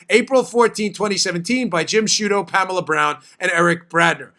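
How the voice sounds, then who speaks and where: A man hosts a political talk show in a high, bright voice. He hammers his points home, often saying a line twice for stress. Quick asides break into his delivery.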